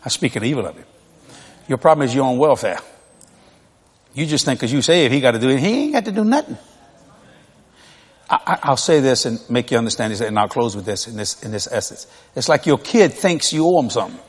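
A man in his sixties preaching a humorous storytelling sermon, animated and folksy, often laughing through his stories. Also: medium pitch, a little fast, long pauses, breathy edge, in a large hall.

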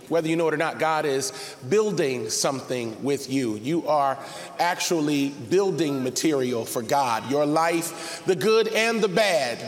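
A man preaching a sermon as pastor, reading scripture and building up to shouted, emphatic calls to his congregation. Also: on the high side. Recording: reverberant hall with faint noise.

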